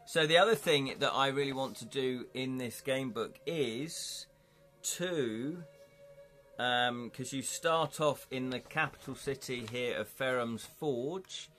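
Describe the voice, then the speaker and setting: A man's voice: mid-range voice, slow, a bit bright, soft background music. A man from England hosting a livestream, chatting casually and rambling while reading out viewer comments, laughing often. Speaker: livestream host.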